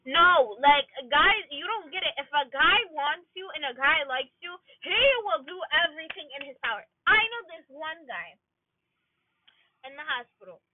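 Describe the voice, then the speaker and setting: A woman's voice: high-pitched, expressive, moderate pace, a little hiss or hum. A woman in her twenties venting to viewers in an emotional rant from her car, close to tears at times. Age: 20s. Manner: venting, upset, talks in bursts with many "like"s. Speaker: vlogger. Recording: tinny phone-like sound.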